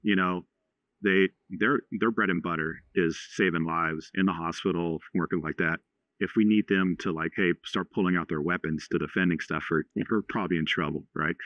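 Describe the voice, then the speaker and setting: Low-voiced man telling stories haltingly. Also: fairly even intonation, a bit bright, no room sound. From Houston, Texas. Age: 40s. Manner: halting, many restarts and "you know" fillers. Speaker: podcast guest, franchise owner. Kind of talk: casual storytelling. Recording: slightly dull lo-fi sound.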